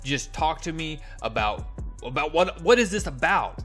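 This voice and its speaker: Brash cosmic antihero, a man reading him out, exasperated tone, slightly high. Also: animated, normal speed, a bit bright, faint music behind. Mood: irritated.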